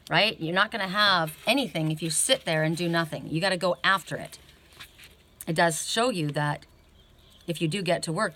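A woman's voice: lowish voice, a bit bright, slight background noise. Rambling woman giving an oracle card reading. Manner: rambling, searching aloud, often tags "right?". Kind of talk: casual tarot-style card reading.

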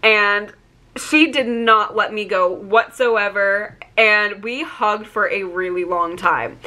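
A young woman telling a story in a casual storytime vlog, excited and gushing, saying "like" often. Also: mid-range voice, takes it slowly. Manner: excited, gushing, heavy use of "like". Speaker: vlogger.

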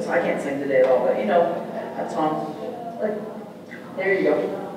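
Male pastor preaching, animated call-and-response delivery, slightly high voice, picked up from a distance in a booming church hall with audible room noise. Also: moderate pace, pauses often. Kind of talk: sermon. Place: large church sanctuary. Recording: echoey hall from far off.

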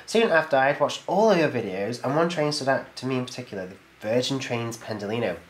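A man's voice: mid-range voice, lively intonation, fast. Chatty man opening fan mail. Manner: chatty and enthusiastic, laughs often, talks to the camera. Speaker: YouTube channel host opening viewer mail. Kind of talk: casual chat, reading letters aloud.

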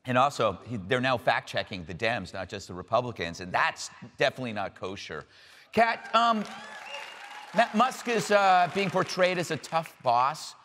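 A man hosting a comic talk show, delivering sarcastic deadpan jokes and banter with his panel. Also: medium pitch, normal speed, big-room sound, some chatter behind, slight background noise. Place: television studio.

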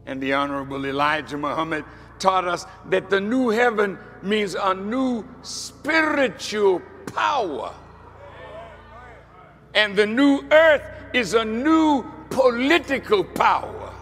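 A man delivering a sermon as a minister, swinging between hushed lines and shouted points. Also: high-pitched, expressive, takes it slowly, long reverb tail, soft background music.

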